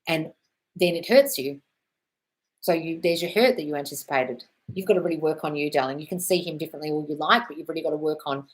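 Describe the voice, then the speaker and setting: A woman's voice: low voice, quick pace, low-quality recording. A woman hosting a live question-and-answer stream, giving frank, direct advice, swearing freely and calling viewers darling.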